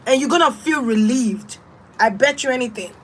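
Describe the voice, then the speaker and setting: Woman tarot reader, casual and blunt, swears freely, slightly high voice. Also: normal speed, a little hiss or hum, poor audio. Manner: blunt, profane, emphatic. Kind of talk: casual spiritual advice.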